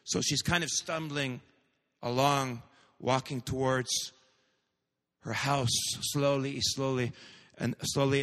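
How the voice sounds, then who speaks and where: A man's voice: fairly high pitch, sharp tone, in a large hall. A male pastor preaching a sermon, telling a story and building to fervent proclamations.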